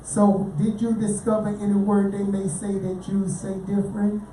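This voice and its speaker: A woman's voice: flat delivery, moderate pace, warm tone. Chatty woman radio host in a roomy space. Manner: chatty, asks questions, drifts into pitches for donations. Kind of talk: casual radio chat. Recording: roomy, distant mic, faint noise.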